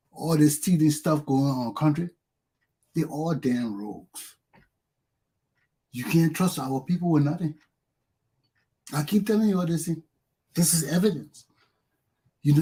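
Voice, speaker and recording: A man with a Liberian English accent hosting a talk show, telling profane personal stories with animated, laughing delivery. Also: a little high, breathy edge. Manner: animated, profane, laughs often, acts out quotes loudly. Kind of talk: casual storytelling monologue.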